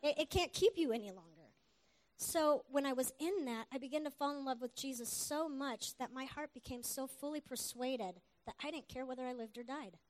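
A middle-aged woman preacher giving an earnest, animated sermon testimony. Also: high voice. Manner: earnest, animated, with quick asides and laughs.

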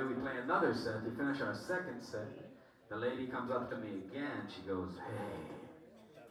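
A man in a band telling a joking story to the audience between songs, playing the people in it as he goes. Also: medium pitch. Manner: laid-back, joking, acts out quotes. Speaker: band member introducing a song. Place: large hall at a live concert. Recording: echoey live hall from far off. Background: crowd.

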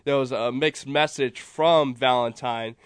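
A man's voice: mid-range voice, fairly even intonation, unhurried, smooth, dry recording, studio quality. A man co-hosting a casual sports talk radio show, chatting and explaining, often restarting when he makes a point.

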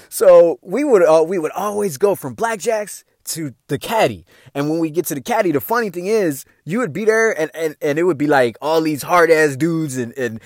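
A man telling a casual anecdote in a slangy, profane, animated way. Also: medium pitch, dry recording, clean studio sound. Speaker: storyteller.

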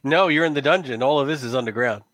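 A man's voice: medium pitch, fast, a bit bright, no echo. A man narrating as game master of a tabletop game in a loose, casual way with many fillers.

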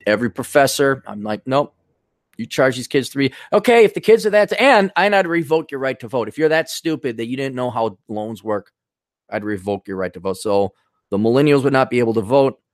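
A man's voice: mid-range voice, animated, fairly quick, no echo, clean studio sound. Profane, blunt man ranting on a podcast. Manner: loose, digressive, with frequent restarts. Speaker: podcast host. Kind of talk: solo podcast rant.

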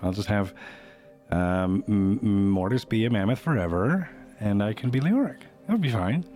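Lower-voiced man, rambling and lively. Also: moderate pace, soft background music. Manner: rambling, unsure. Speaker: role-play player. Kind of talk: casual table talk.

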